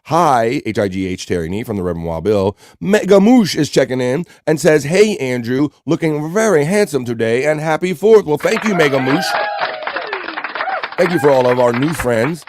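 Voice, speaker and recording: A man's voice: mid-range voice, sing-song, normal speed, a little mellow, slight background noise. Laid-back American man hosting a live stream. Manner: laid-back, reads chat messages aloud. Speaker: livestream host. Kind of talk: casual live show chat reading comments.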